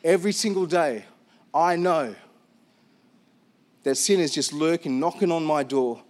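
High-voiced man preaching a lively sermon. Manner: animated, self-deprecating storytelling. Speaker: pastor.

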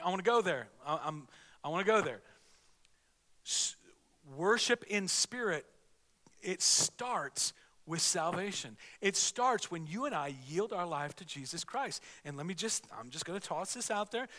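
Man preaching, high voice, earnest and conversational, long hall reverb. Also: bright, forceful tone. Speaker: pastor. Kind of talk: sermon.

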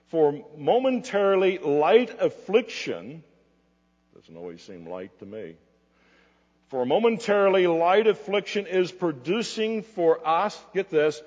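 A man preaching a sermon in a slightly high, husky voice that climbs and falls a great deal. He swings between emphatic lines and quiet asides. The dull, lo-fi recording carries a long reverb from a big hall. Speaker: pastor.

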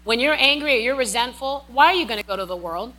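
Bright high-voiced woman preaching. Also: quick pace. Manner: emphatic, repetitive, with animated asides. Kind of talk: sermon.

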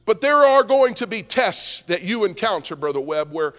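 In a church sanctuary with worship music, a pastor with a high, sing-song, fairly bright voice preaches at a moderate pace. He tells a story and builds to impassioned exhortation, the hall reverberant with music behind him.

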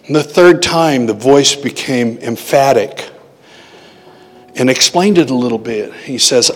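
A man preaching a sermon, telling a personal story in a conversational way and slowing down to stress quoted words. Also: medium pitch. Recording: long hall reverb.

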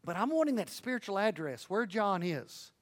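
A man preaching a sermon, earnest and animated, swinging between hushed and loud, with folksy storytelling and asides to the audience. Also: high voice, normal speed. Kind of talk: sermon on evangelism.

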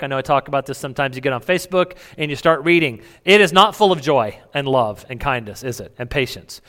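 Chatty pastor in a reverberant hall. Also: male voice, a little high, fairly bright tone, clean tone. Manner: conversational, asks the congregation questions; chuckles, many restarts. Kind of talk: sermon.

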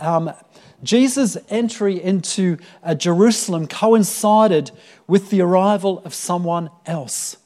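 A man preaching to his congregation in a high, bright-toned voice. He is earnest and storytelling, often pausing on "um" and restarting phrases before he lands his point. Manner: earnest, with many fillers and repeated words. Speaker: pastor. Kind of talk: sermon.

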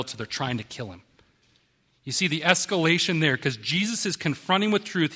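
A man's voice: fairly high pitch, pushed and bright, big-room sound. A man preaching a sermon, reading scripture aloud and then explaining it in a conversational, emphatic way. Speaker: pastor.

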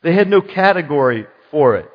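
A man preaches in a lively, dramatic way, slipping into the voices of the people in his story. His voice sits a little high and carries through a reverberant hall. The recording is somewhat dull and muffled. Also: a little fast. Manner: animated, acts out quoted voices. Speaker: pastor. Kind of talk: sermon. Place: church. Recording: muffled church hall sound with long reverb.

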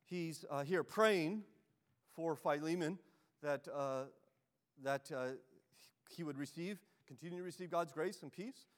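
A male pastor delivering a sermon in a conversational way, his voice sitting high for a man. He often repeats words and checks in with the listeners. The sound carries a long church reverb. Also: unhurried. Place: church sanctuary.

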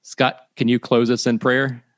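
A man's voice: mid-range voice, little pitch movement, measured pace. A man hosting a casual church staff podcast and closing the episode. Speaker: podcast host. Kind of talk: casual chat.

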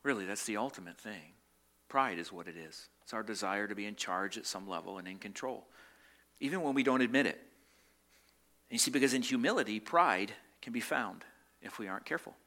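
A man preaching a sermon, asking rhetorical questions and repeating phrases, moving between loud emphatic stretches and quiet, slowed reflective ones. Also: on the low side, expressive. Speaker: pastor.

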